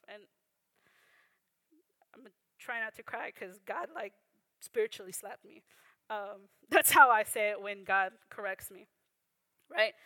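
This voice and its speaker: A woman's voice: on the high side, measured pace, pauses often, bright, forceful tone, no room sound. A young woman teaching a Bible lesson in an earnest, conversational way, often checking in with "right?". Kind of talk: sermon.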